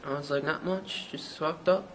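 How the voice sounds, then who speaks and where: An actor with a Newfoundland accent playing a young small-town rapper who rambles through a hazy, profane story in an interview. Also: male voice, a little high, moderate pace, a bit bright, a little hiss or hum, natural voice, low-quality recording. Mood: rambling. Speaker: mockumentary interviewee.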